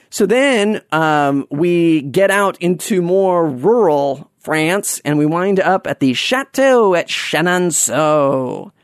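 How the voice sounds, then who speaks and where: Casual American male storyteller, slightly high voice, dry close sound, self-mocking. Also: dry recording. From United States. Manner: chatty and self-deprecating, with frequent restarts and comic put-on voices.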